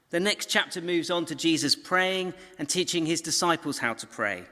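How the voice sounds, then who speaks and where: A man's voice: on the high side, lively intonation, normal speed, few pauses, bright, forceful tone. A man giving a recorded Bible teaching talk, telling the story conversationally with asides to his viewers. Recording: long hall reverb.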